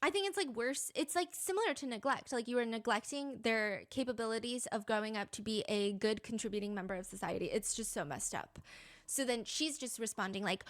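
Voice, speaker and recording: Animated young woman reading texts aloud. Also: on the high side, brisk. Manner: reads out text messages in an animated, indignant way. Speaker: commentary channel host. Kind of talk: casual true-crime commentary.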